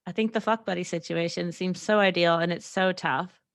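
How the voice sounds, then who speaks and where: A woman's voice: on the low side, fairly even intonation, moderate pace, no echo, clean studio sound. A young woman hosting a solo podcast, talking candidly and rambling, with frequent laughs and fillers. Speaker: podcast host. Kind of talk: casual solo podcast chat.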